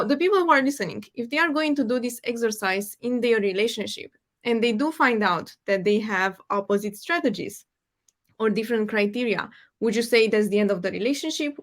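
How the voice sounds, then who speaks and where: A woman co-hosting a podcast, speaking clearly and steering the talk with questions. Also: medium pitch. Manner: clear, measured, asks guiding questions. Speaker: podcast co-host. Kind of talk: casual podcast chat.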